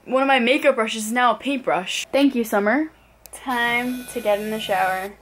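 A woman's voice: normal speed, a bit bright, slight background noise. A young woman talking casually to the camera as a vlogger, chatty and filling her sentences with "like". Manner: chatty, says "like" a lot, low-key and tired in the mornings. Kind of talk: casual vlog narration to camera. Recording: vlog audio with music playing underneath.

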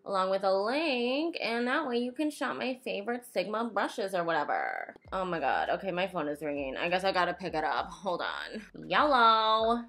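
A woman's voice: lowish voice, sing-song, moderate pace, hardly any pauses. A young woman talking casually through a makeup tutorial, rambling into self-mocking asides. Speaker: beauty vlogger.

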